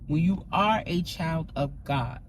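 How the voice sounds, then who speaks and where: A woman's voice: sits low, expressive, a little slow, a little hiss or hum, poor audio. A woman giving a casual, emphatic faith talk to her viewers, often checking in with "right?" as she goes. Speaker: faith vlogger. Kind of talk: casual spiritual talk to camera.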